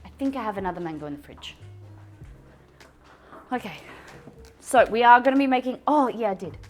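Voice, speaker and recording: An Australian woman hosting a casual cooking livestream, chatty and excitable as she talks to her chat. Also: a little high, fairly quick, faint music behind.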